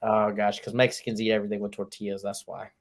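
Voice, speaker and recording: Jokey, animated man telling stories. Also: fairly low pitch, quick pace, creaky. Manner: animated storyteller, jokey, swears. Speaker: podcast co-host. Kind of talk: casual chat.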